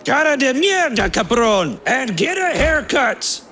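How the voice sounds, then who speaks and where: An actor playing a hot-tempered, foul-mouthed police chief who yells insults and curses in Spanish. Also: male voice, very high voice, sing-song, measured pace, a little hiss or hum, heavily acted. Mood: scornful. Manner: yelling insults, swearing in Spanish.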